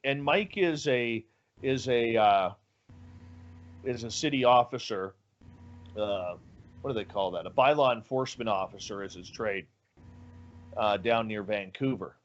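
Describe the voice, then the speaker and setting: Animated male storyteller, lo-fi sound. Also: mid-range voice, unhurried, pauses often. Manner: animated storyteller acting out dialogue. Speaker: guest, radio show host. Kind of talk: telling a story in an interview.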